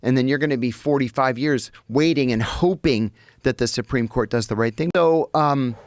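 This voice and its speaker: An American man, a guest on a podcast, telling his story in an animated way and acting out the people he quotes. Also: medium pitch, normal speed, no echo, studio quality. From United States.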